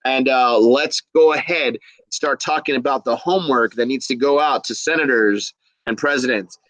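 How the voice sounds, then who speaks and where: A man's voice: mid-range voice, normal speed, fairly bright tone, no echo, poor audio. A man hosting a casual livestream, upbeat and enthusiastic, reading viewer comments aloud. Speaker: livestream host.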